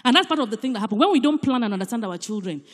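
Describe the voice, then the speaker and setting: Nigerian lady giving an animated church talk, high pitched, echoey hall. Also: racing. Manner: animated, emphatic, shifts between loud and soft. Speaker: church speaker.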